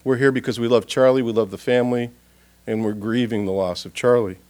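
A man preaching at a funeral, earnest and expressive, swinging from loud appeals to hushed, quiet passages. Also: mid-range voice, fairly quick. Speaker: pastor. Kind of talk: funeral sermon. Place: church or funeral gathering.

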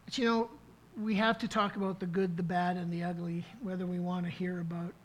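A man's voice: high-pitched, level tone, a little fast, a little hiss or hum, poor audio. A middle-aged man preaching a sermon as pastor, telling a story in an earnest way, with frequent restarts. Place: church service.

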